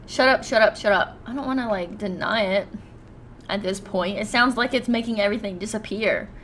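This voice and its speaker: A woman giving casual, expressive commentary while playing a video game. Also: mid-range voice, a little fast, a little hiss or hum. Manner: expressive reactions, musing aloud.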